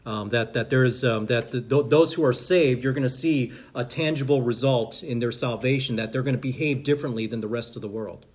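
A man's voice: mid-range voice, fairly quick, few pauses. A man leading a Bible study, reading scripture aloud and explaining it with frequent fillers and restarts.

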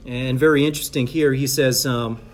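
A man preaching a sermon in a conversational, halting way with many fillers and restarts, building to emphatic preaching. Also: mid-range voice, fairly even intonation. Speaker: pastor or Bible teacher.

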